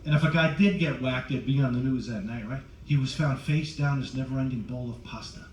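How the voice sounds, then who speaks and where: A man's voice: medium pitch, brisk, a little mellow, slight background noise. A middle-aged male stand-up comedian in a cruise ship show lounge, brashly teasing the audience as he works the crowd. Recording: roomy, distant, faint crowd ambience.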